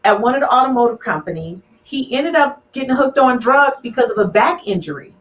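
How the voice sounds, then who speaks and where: Hosting a live, casual relationship podcast, this woman is emphatic and preachy, again and again saying "do you hear me" and "I'm gonna tell you right now." She speaks a little high and a little fast, with lively intonation and a fairly bright tone, recorded distantly with a slight muffle.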